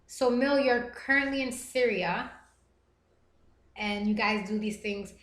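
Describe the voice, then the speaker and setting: A woman's voice: mid-range voice, slow, fairly bright tone, reverberant. A woman hosting a live stream, reading chat messages aloud and talking earnestly and emotionally. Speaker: livestream host reading chat. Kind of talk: casual live-stream talk.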